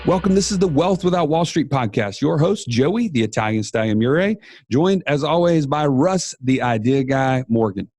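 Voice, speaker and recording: A man with a Southern US accent co-hosting a podcast in a playful, upbeat way. His voice has a gravelly rasp to it. The sound is dry and close. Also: mid-range voice, lively intonation, normal speed, a little mellow, no echo. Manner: playful, hypes listeners. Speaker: podcast co-host. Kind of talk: casual podcast chat.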